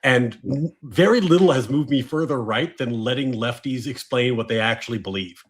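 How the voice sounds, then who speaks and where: A man's voice: mid-range voice, normal speed. Wry man co-hosting a livestream chat. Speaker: co-host reading chat messages.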